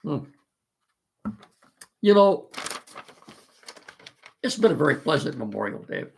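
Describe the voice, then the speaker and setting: Congested, gravelly-voiced male sports host. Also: a little high, big pitch swings, slow pace, a little hiss or hum. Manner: folksy, rambling, frequent uh fillers. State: congested and coughing from allergies. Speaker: sports talk show host. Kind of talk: casual solo sports talk.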